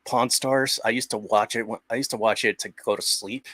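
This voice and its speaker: A man's voice: medium pitch, steady tone, fairly quick, fairly bright tone, no echo. A young man chatting casually as a guest on a stream, rambling with many restarts and the odd swear. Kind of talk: casual chat.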